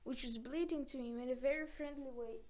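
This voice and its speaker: A woman reading a children's story aloud in an expressive, dramatic storytelling manner. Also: high-pitched, fairly quick.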